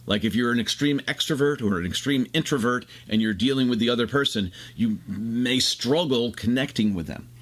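Male host, mid-pitched, expansive explainer, casual chat. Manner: expansive, explanatory, fast bursts. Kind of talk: casual conversation, explaining ideas.

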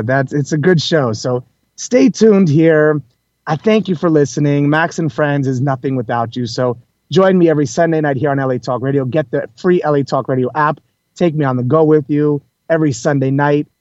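Male radio host, effusive chatty monologue, slightly high voice, dry dull lo-fi sound. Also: no room sound. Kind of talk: casual talk radio monologue. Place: indoors, calling in live from a holiday trip. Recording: dull lo-fi broadcast audio.

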